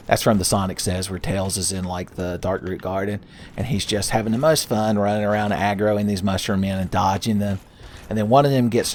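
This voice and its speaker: A man's voice: on the low side, darkish tone, slight background noise. A man hosting a game let's play with rambling, jokey, profane commentary. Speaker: gaming channel host.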